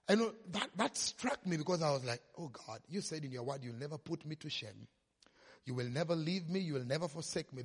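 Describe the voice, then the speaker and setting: A man's voice: sits high, a bit bright, slightly rough. A male pastor telling a story in a sermon, acting out the quoted voices. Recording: long hall reverb.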